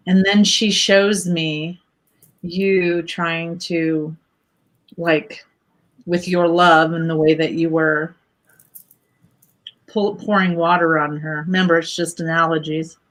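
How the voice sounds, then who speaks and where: A woman giving a psychic reading on a live stream, speaking slowly and carefully with clear emotion. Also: low-pitched, a bit bright, low-quality recording. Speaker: psychic reader.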